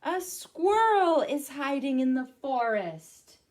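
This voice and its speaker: A woman librarian leads a children's storytime guessing game. Her voice is high and swoops widely in pitch. She speaks very slowly and clearly for young listeners. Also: very animated, a little mellow.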